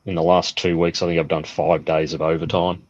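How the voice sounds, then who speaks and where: A man's voice: sits low, level tone, fairly quick, lo-fi sound, heavy background noise. A man joining a casual group video chat as a guest, talking in an easygoing, rambling way.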